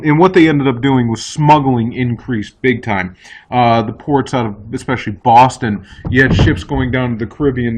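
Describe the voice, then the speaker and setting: A man teaching history in a casual, chatty way, often voicing quick asides for the people he talks about. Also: mid-range voice, poor audio. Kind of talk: recorded classroom lecture.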